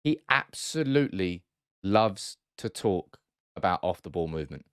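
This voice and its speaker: A man's voice: low-pitched, very animated, measured pace, clean tone. A man hosting a football analysis video, talking through tactics in a chatty way with frequent restarts and self-corrections. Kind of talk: casual tactical breakdown.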